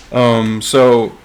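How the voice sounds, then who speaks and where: A man's voice: medium pitch, noisy background. A man in casual podcast chat, hesitant with lots of fillers.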